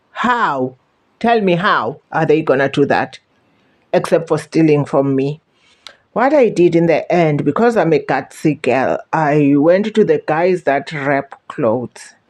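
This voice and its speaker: A woman from Africa telling a travel story in a casual, animated way, with stammered restarts and rhetorical questions. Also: sits low. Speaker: vlogger.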